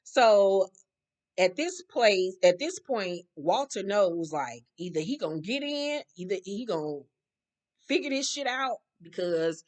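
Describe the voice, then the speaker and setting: A woman's voice: medium pitch, a little slow. Woman casually recapping a TV episode. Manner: profane, animated retelling with slang. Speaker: TV recap host.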